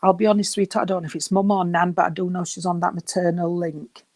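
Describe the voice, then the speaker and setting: A man giving a reading at a service, gentle and reassuring, and short of breath. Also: high voice, level tone, quick pace, no room sound. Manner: gentle, reassuring, calls people sweetheart. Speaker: spiritualist medium.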